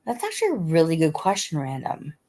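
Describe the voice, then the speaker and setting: A woman's voice: deep voice, wildly swooping pitch, a little fast, dark tone. A middle-aged woman hosting a casual live stream, talking in a chatty way, repeating herself and reading out viewer comments. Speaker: livestream host.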